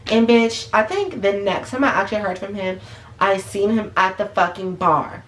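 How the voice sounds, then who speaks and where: A woman recounting a storytime for her viewers, blunt and full of cussing, with plenty of emphasis. Her voice sits in a middle pitch, and the room gives it a roomy echo. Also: slight background noise. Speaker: vlogger. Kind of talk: storytime vlog.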